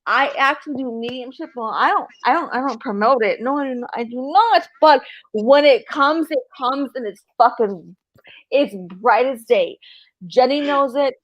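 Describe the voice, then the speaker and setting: A woman's voice: high voice, normal speed, no room sound, dull audio. A woman hosting a casual livestream as a medium, emphatic, swearing freely and repeating herself.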